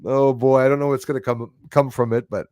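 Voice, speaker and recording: A man's voice: mid-range voice, level tone, fairly quick, warm tone, no room sound, clean studio sound. A middle-aged man from Canada hosting a casual livestream, chatting to viewers in a rambling way with many fillers, restarts and chuckles. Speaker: livestream host. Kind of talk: casual livestream chat reading viewer comments.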